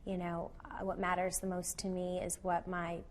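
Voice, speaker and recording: A woman's voice: on the low side, completely flat delivery, moderate pace. Young woman chatting on a tv interview, says you know a lot, bit of hiss behind. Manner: warm, chatty, many "you know" fillers. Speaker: actress and singer, interview guest.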